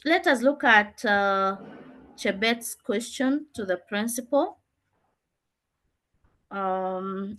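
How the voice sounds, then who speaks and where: A woman's voice: a little high, a bit bright. A woman teacher giving an online revision lesson, explaining rules and calling on students with questions.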